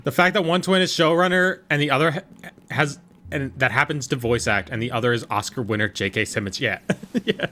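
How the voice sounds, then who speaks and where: A man streaming a game, chatting casually and joking in quick, rambling asides to his viewers. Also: medium pitch, bright, forceful tone, slight background noise. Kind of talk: casual livestream chat while gaming.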